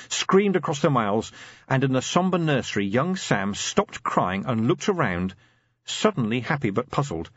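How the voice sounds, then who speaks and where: A man with a husky, mid-pitched voice reads a novel aloud, with his intonation rising and falling freely. The recording is dry and close, and it sounds slightly muffled. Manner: lively, expressive storytelling. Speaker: audiobook narrator. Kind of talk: scripted narration.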